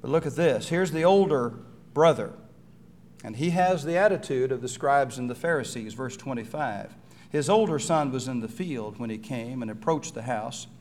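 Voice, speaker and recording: Animated male preacher. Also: medium pitch, normal speed, slight background noise. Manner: animated storytelling, asks rhetorical questions, acts out quotes. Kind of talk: sermon.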